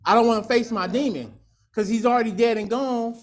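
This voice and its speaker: A man's voice: extremely high pitch, fairly quick. A man sharing his recovery story at a meeting, candid and profane, acting out voices. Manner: candid, profane, storytelling with laughs and acted quotes. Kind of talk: personal testimony at a recovery meeting.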